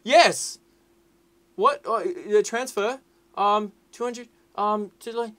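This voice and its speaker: A young man rambles through casual commentary over his gameplay. He is rowdy and sweary, jumping between excitable shouting and low muttering. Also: slow. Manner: rowdy, sweary and excitable, swinging to loud whining outbursts. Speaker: gaming YouTuber. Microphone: desk mic with webcam.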